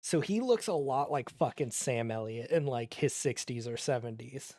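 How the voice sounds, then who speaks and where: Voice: mid-range voice, expressive, moderate pace, a little mellow, no room sound. A game master narrating a tabletop game in a casual, profane way, full of fillers and restarts.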